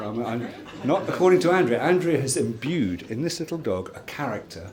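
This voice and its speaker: A man's voice: medium pitch, fairly quick. Older man joking through a wedding speech. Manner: jokey storytelling, lively. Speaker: groom giving a wedding speech. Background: laughing wedding crowd.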